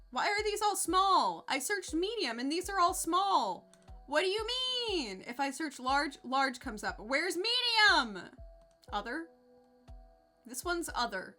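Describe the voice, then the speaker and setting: A sarcastic woman streamer chats with her viewers in a bright, sharp voice pitched a little high. She laughs often and swears freely. Faint music plays behind her. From United States. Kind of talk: casual live-stream chat.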